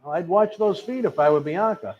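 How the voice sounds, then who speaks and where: A man's voice: high-pitched, a little fast. A man hosting a casual wrestling watch-along, chatty and rambling, laughing easily. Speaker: host. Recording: slightly dull lo-fi sound.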